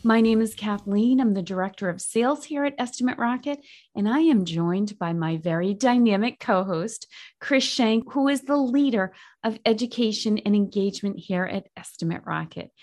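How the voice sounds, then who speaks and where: A woman's voice: medium pitch, animated, normal speed, a little mellow. Upbeat woman podcast host. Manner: upbeat, enthusiastic. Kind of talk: podcast intro.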